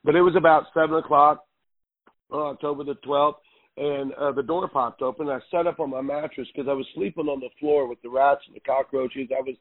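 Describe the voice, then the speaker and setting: A man in his fifties or older, a pastor giving an earnest, halting testimony in a radio interview, often repeating words. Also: on the high side, steady tone, no echo. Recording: phone-line radio sound.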